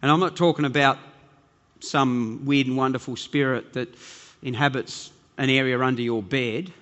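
Man preaching a sermon, emphatic, repeats words, sharp voice, long hall reverb. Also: mid-range voice, fairly even intonation, moderate pace, lo-fi sound. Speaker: pastor.

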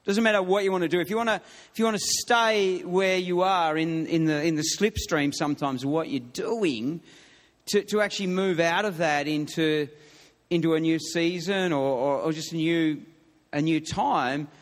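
High-voiced pastor in an echoing hall. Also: male voice, moderate pace. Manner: chatty, laughs often, many restarts. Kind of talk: sermon with humorous story. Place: church hall. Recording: long hall reverb.

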